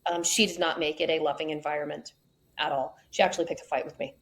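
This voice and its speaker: A woman's voice: low-pitched, fairly even intonation, quick pace, rough recording. A woman in a candid interview, telling her story frankly with wry asides. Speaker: podcast guest.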